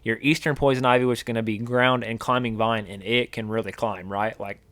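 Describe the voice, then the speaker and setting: A man's voice: mid-range voice, steady tone, fairly quick, a bit bright, no echo. A middle-aged man, co-hosting an outdoors podcast and explaining at length with frequent restarts and fillers. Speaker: podcast co-host, wildlife biologist. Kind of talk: casual podcast chat.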